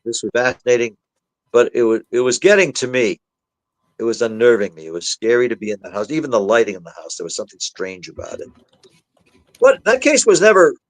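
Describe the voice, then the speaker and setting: A man tells his story as a guest on a podcast, acting out each voice he quotes. His voice sits at a middling pitch, recorded dry with no room echo. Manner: animated, acts out the voices he quotes. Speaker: guest, author and demonologist.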